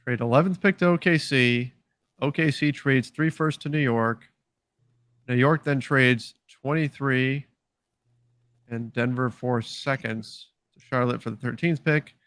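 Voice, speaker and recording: A man's voice: mid-range voice, a little slow, fairly bright tone, no echo. Easygoing male co-host, dry sound. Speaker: podcast co-host. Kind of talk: casual live-stream chat.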